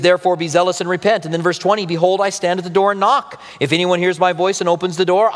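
A man's voice: fairly high pitch, a bit bright, big-room sound. A man preaching a sermon as pastor, earnestly reading and explaining scripture.

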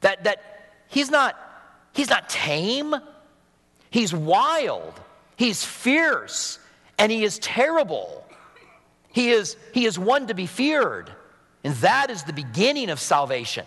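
A man's voice: sits high, wildly swooping pitch, slow pace, long pauses, pushed and bright, in a large hall. A man preaching a sermon from a pulpit in a conversational, earnest manner, sniffly from a cold, with humorous asides. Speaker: pastor. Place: church sanctuary at a pulpit.

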